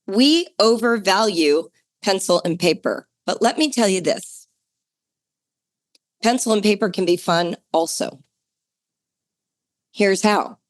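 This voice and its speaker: Chatty, enthusiastic woman podcast host. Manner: enthusiastic, chatty, jumps to a bright higher pitch for emphasis. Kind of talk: podcast talk on homeschooling.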